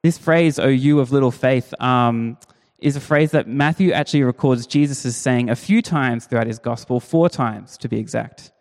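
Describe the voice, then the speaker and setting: A man's voice: mid-range voice, normal speed. A man preaching a sermon in a conversational, emphatic way, asking his listeners rhetorical questions. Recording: long reverb of a large hall.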